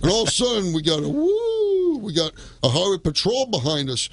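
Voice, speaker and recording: A man's voice: high voice, wildly swooping pitch, brisk, a little hiss or hum. A man, a guest on a radio business show, telling a long story in a casual, rambling way and often coming back with "well, anyway".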